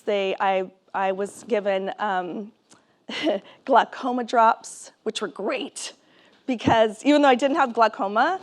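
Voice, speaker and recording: A woman speaker telling her personal story to a live audience in a conversational, animated way, laughing often. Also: fairly high pitch. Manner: conversational, with many fillers and restarts. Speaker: keynote speaker and author.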